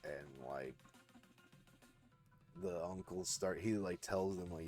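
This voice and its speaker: A man's voice: low voice, a little slow, a little mellow, faint music behind. A young man casually retelling a story on his live art stream, rambling with lots of fillers and swearing. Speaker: livestreaming artist.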